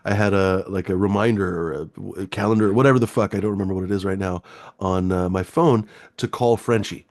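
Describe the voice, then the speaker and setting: A man with a fairly low voice hosts a casual live-stream chat. He rambles, restarts, and swears freely. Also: steady tone, fairly quick, darkish tone. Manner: rambling, profane, easygoing. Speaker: host.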